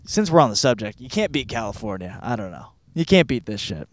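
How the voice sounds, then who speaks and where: A man's voice: medium pitch, big pitch swings, a little fast. A man in his thirties from Michigan, hosting a podcast and reviewing a book in a rambling, profane, self-deprecating monologue. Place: California.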